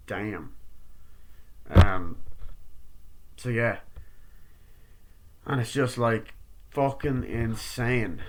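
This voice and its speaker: A man giving a casual, profane movie review, excitedly acting out the scenes in different voices. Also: mid-range voice.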